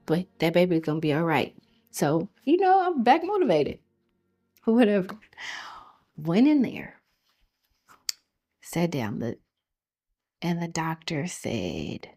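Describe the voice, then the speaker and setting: A young woman telling her own story of a hard pregnancy, emotional and dropping to near whispers at the hardest parts. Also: fairly low pitch. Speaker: testimony speaker. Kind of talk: personal testimony storytelling. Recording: soft music behind.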